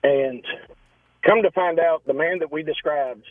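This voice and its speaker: A man's voice: a little high, unhurried, no room sound, narrow, tinny audio. A man from Louisville calling into a radio show, earnestly telling a story that still shakes him. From Louisville, Kentucky, US. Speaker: caller. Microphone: phone.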